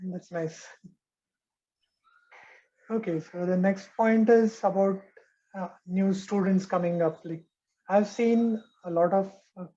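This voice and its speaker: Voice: medium pitch, mellow, muffled recording. An interview host asking casual questions and giving brief encouraging backchannels.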